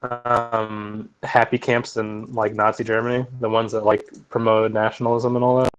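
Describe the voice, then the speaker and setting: A man's voice: on the low side, level tone, normal speed, clear, resonant tone, rough recording. A man chatting casually with friends over a call, teasing them in a dry way. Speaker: tabletop game player. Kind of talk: casual chat among friends.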